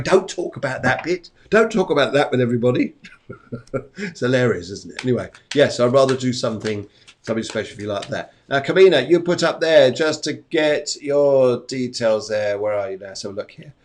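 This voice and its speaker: A man's voice: mid-range voice, a little hiss or hum. A middle-aged man hosting a live stream as a psychic medium, giving tarot readings in a chatty, rambling way that repeats phrases. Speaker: psychic medium and show host. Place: home during a storm.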